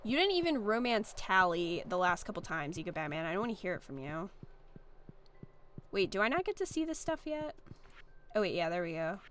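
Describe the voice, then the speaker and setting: A woman's voice: medium pitch, very animated, a little fast, fairly bright tone, a little hiss or hum. A young woman streamer chatting casually while playing, reading viewer comments aloud with a playful, filler-heavy way of talking. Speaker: gaming streamer.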